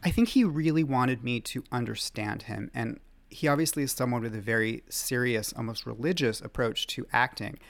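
A man, a magazine writer, as a guest on an interview podcast, telling animated anecdotes with quick laughs. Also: mid-range voice, creaky.

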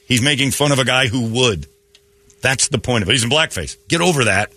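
A man hosting a morning radio show, ranting sarcastically about the news and slipping into quick mocking quotes. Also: medium pitch, animated, pushed and bright. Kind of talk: opinionated morning radio banter.

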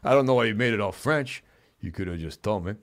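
A man hosting a comedic chat show, talking in a deadpan, mumbling way. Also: lowish voice, quick pace. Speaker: host.

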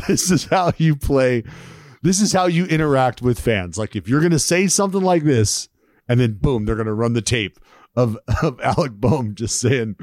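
Animated profane man in sports chat. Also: on the high side, no echo, clean studio sound. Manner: animated, profane, laughs often. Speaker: podcast co-host, pro baseball player.

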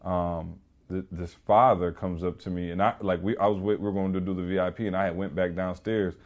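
A man with a fairly low speaking voice chats on a podcast, spinning a long anecdote. He talks casually and animatedly, with plenty of fillers along the way. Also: a little fast. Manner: animated, rambling with many "you know" and "like" fillers. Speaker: podcast co-host. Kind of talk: casual storytelling chat.

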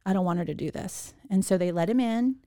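A woman's voice: mid-range voice, quick pace, no room sound, clean studio sound. Earnest woman telling her life story. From Oregon. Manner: earnest, emotional, animated storytelling. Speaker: executive director of a pregnancy center. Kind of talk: personal storytelling in an interview.

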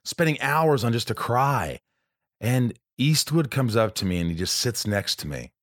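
A man's voice: medium pitch, animated, moderate pace, a bit bright, dry recording, studio quality. A man and actor chatting casually, telling a story and acting out the people he quotes. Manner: chatty, acts out quoted voices. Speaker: actor, podcast co-host. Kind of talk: casual conversation.

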